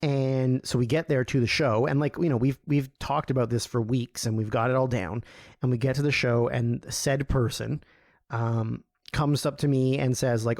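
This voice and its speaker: A man hosting a podcast, telling a long, rambling story in a casual, profane way and getting animated when he quotes other people. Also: medium pitch, normal speed, no echo, studio quality. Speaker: podcast host.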